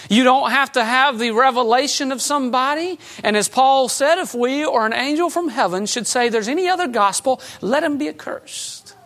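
A woman preaching a sermon in a conversational way, with light humor and emphatic swings between loud and soft. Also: high voice.

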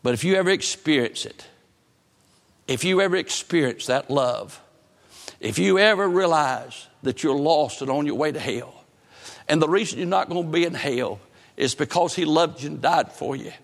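A man's voice: a little high, animated, normal speed, gravelly. A man preaching a sermon from the pulpit in an earnest, emphatic cadence with repeated phrases. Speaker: pastor. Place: church sanctuary. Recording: long church reverb.

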